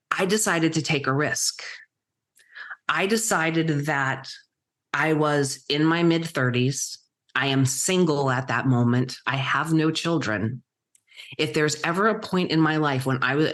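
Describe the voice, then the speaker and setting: A middle-aged woman, a guest entrepreneur, telling her story in vivid present tense with dramatic pauses. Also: low voice. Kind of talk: storytelling interview answer.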